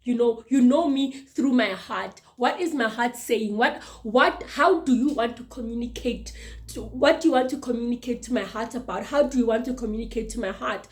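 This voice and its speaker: A show host in her mid-thirties speaks briskly in a fairly high voice, giving a casual advice monologue. She's earnest and emphatic, often repeating her words.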